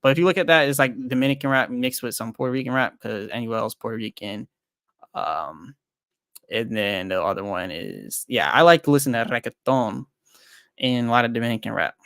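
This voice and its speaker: Brisk and lively, with a medium pitch and slightly bright tone, this young crypto streamer chats over a dry, studio-quality recording. He goes through viewer comments in a rambling, filler-heavy way, frankly poking fun at himself.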